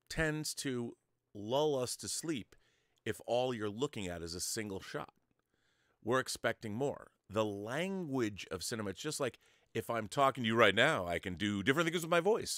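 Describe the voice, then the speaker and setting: Recorded at studio quality with no room sound, this host has a medium-pitched, fairly bright voice. On his online show he teaches viewers about film-making, addressing them directly in a conversational lecture full of examples.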